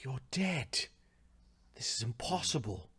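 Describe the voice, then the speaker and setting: A man voicing a furious woman trapped inside someone else's body, yelling frantically and shrilly. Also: very high-pitched, sing-song, a little slow, crowd noise, voice pushed up, heavily acted. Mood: panicked fury.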